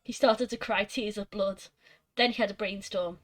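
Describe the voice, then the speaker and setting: A woman's voice: medium pitch, fairly even intonation, moderate pace, faint music behind. A woman reading a fan fiction aloud for laughs, giggling as she goes and playing up the quoted lines. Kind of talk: comedic dramatic reading.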